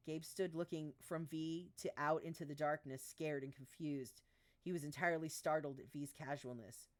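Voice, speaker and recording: Low-voiced woman reading her book aloud. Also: fairly even intonation, normal speed. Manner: reads dialogue with small voice shifts, stumbles and restarts, laughs at her own asides. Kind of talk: live-streamed book reading.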